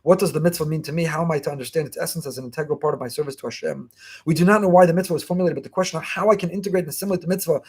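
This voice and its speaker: A man giving a fast, emphatic Torah lesson as a rabbi, repeating key phrases. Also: a little high, a little mellow, breathy edge. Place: online class.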